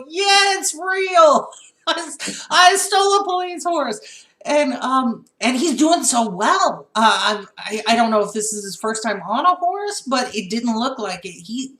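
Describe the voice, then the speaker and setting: A woman co-hosting a casual political chat show, telling stories with animated laughter. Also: on the high side, echoey room. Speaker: podcast co-host.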